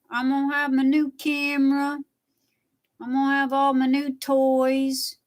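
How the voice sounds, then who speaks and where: Middle-aged woman, livestream host; unhurried, rambling chat with viewers, slightly high voice, leans on "you know". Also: completely flat delivery. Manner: rambling, chatty, reads viewer comments aloud; repeats "you know" a lot. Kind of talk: casual chat with live viewers.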